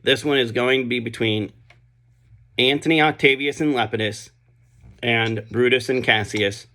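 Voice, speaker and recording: A man's voice: mid-range voice, normal speed, pushed and bright, a little hiss or hum. A man retelling a play's plot in a casual spoken summary, chatty, with frequent fillers and asides.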